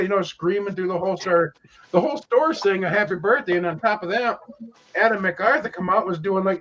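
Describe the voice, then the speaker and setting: A man's voice: high-pitched, a bit bright, lo-fi sound, a little hiss or hum. A man in casual chat, rambling about meeting voice actors at signings and laughing often.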